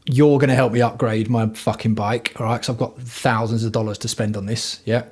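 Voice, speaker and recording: A man talking to his livestream audience from home, his voice sitting at an ordinary middle pitch. He rambles from one thing to the next and swears freely. His delivery is blunt and casual. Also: fairly even intonation, brisk, darkish tone, husky. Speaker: livestream host.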